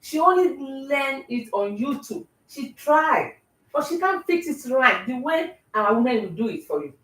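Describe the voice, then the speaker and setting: A woman's voice: high-pitched, very animated, a little slow, fairly bright tone. An older Nigerian woman with a Nigerian accent, host of a live cooking show, lecturing and joking as she chats and laughs often. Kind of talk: casual chat while cooking live. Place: home kitchen. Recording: roomy, distant from the mic.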